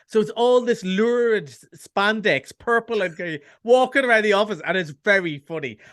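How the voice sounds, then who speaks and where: An Irish man reviewing films on a radio chat show, chatty and enthusiastic with quick jokes and asides. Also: sits high, fairly bright tone. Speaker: cinema film reviewer. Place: radio studio.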